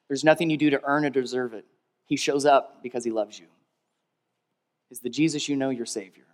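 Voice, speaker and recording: A male pastor delivering a sermon, leading a call-and-response and swinging between emphatic peaks and quiet, low stretches. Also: steady tone, brisk. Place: large church hall. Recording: long reverb of a large hall.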